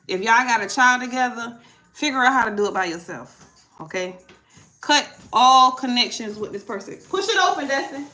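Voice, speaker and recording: A woman giving a casual tarot reading, emphatic and preachy, arguing her points out loud. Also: a little high, lively intonation, normal speed, soft background music. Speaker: tarot reader.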